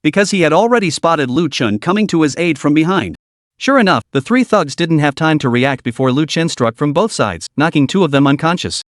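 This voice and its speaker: A man narrates a story recap in a steady, even reading voice. His voice sits a little high for a man, and the recording is dry and close, with no room sound around it. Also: brisk, dry recording.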